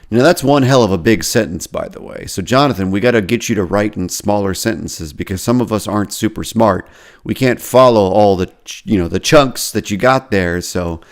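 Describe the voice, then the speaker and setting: A man hosting a podcast, casually reading and commenting on social media posts with self-deprecating asides. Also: on the low side. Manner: self-deprecating, chatty, lots of restarts. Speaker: podcast host and therapy professor.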